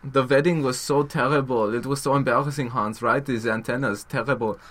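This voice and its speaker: A man's voice: medium pitch, fairly even intonation, fairly quick, fairly bright tone, lightly acted. A man putting on a chummy fake-German joke teller. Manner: chummy, repeats the listener's name. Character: jokey German man telling a pointless joke.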